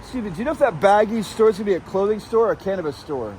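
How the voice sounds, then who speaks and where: A high-voiced man rambles through a satirical street report, crude and deadpan. He is outdoors on a city street at night and talks into a handheld camera. Faint traffic hums behind him. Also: racing. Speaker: street vlogger asking passers-by questions.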